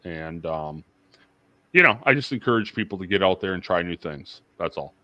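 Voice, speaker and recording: A middle-aged man with a fairly low voice talks in a loose, rambling way, full of "um"s and restarts. The sound is dry and close, as in a livestream chat. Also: expressive, moderate pace, dry recording, dull audio. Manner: rambling, with many fillers and restarts. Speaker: guest.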